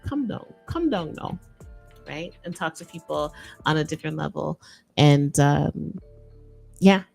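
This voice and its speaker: A woman hosting a podcast, talking casually and emphatically, often repeating her words. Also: sits low. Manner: animated, emphatic, repeats herself. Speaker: podcast host. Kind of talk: casual solo talk on a livestreamed podcast.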